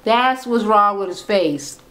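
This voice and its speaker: A woman's voice: medium pitch, animated, slow pace, a bit bright, low-quality recording. A woman giving a casual, profane recap of a reality show, blunt and sassy. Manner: blunt, sassy, swears freely.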